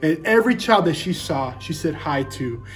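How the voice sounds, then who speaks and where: A man's voice: a little high, expressive, moderate pace. Man fondly recalling a church member, music behind. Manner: gentle, fond storytelling. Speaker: pastor. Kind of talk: spoken remembrance.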